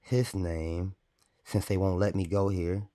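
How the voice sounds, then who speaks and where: Young man, low voice, rambling livestream talk, irritated, chatty with viewers. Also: level tone, slow, dark tone. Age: young adult. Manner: rambling, irritated, talks to chat. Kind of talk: casual livestream commentary.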